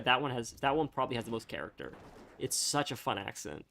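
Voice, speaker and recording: A young man chatting casually on a live stream, rambling and halting, full of fillers and restarts. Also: mid-range voice, very animated, creaky, sharp tone.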